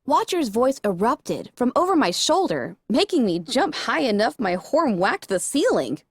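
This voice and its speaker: Expressive female audiobook narrator with a bright, higher pitch and animated delivery; dry, close recording. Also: moderate pace, husky, dry recording. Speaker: audiobook reader. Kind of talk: first-person story narration.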